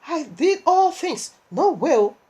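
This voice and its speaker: A woman's voice: high voice, takes it slowly. Unwell woman preaching animatedly. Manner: animated, emotional storytelling with laughs. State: unwell and tired. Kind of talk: sermon.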